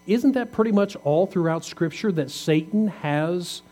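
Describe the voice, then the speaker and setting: A man's voice: sits high, expressive, unhurried, warm tone. A man preaching a conversational sermon, asking his congregation questions as he reads scripture. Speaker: pastor.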